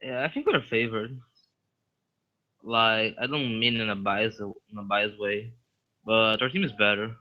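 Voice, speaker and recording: A man's voice: on the low side, measured pace, dull audio. A man appearing as a guest player on a live-streamed show, blunt and confident in his predictions. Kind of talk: casual live-stream chat.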